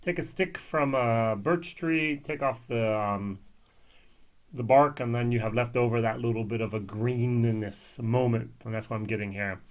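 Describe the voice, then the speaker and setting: A man's voice: medium pitch, moderate pace. A man reviewing whisky in a casual, musing way, with frequent ums and restarts.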